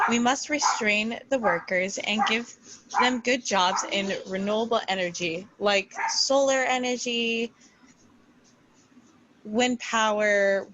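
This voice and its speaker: Woman reading off a script, steady even delivery, plain voice. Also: mid-range voice, lo-fi sound. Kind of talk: reading prepared remarks.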